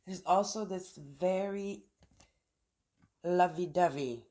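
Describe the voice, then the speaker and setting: Pulling cards outside in the sunshine, a woman offers a chatty, casual tarot reading and thinks out loud as she goes. She speaks slowly in a lowish voice with a dark tone.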